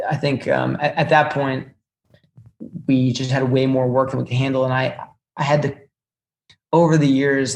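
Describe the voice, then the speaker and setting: A young man, a music business executive, talking casually as a podcast guest and telling animated stories with lots of fillers and restarts. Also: mid-range voice, creaky.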